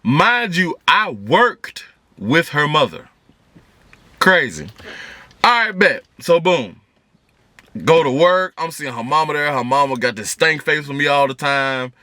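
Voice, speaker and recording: A man telling an animated, slangy story from his car, acting out every voice he quotes. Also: on the high side, unhurried, no echo. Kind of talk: casual storytime. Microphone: camera in the car.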